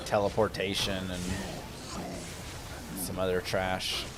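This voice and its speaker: A man's voice: deep voice, monotone, slow pace, very noisy. A man casually chatting to his viewers while streaming a game, rambling and answering questions as he plays. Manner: rambling, chatty, talks to chat. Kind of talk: casual live-stream commentary.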